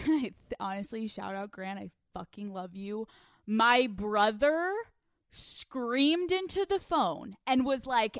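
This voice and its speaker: A young woman hosting a podcast from a couch at home, telling stories in casual, animated chat full of swearing. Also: mid-range voice, measured pace, smooth, dry recording, studio quality. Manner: animated, profane, storytelling. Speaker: podcast host.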